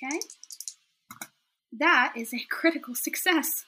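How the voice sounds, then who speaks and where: A woman's voice: high voice, unhurried, sharp tone, poor audio. A woman playing a tabletop game, casual and chatty. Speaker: player.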